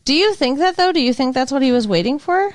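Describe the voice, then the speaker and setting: A woman co-hosting a podcast, chatty and thinking out loud in a casual movie review chat, swearing now and then. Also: high-pitched, expressive, fast, no room sound. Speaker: podcast co-host.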